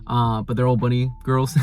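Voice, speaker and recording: A man's voice: mid-range voice, a little slow. A young man casually reviewing an anime episode, rambling with lots of "like" and restarts. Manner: animated paraphrasing of characters.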